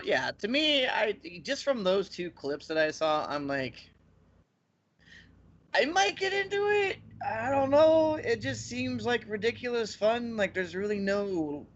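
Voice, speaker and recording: A man co-hosting a casual podcast chat, retelling scenes with lively acted-out bits. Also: high-pitched, moderate pace, dull audio. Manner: animated storyteller acting out scenes. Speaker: podcast co-host.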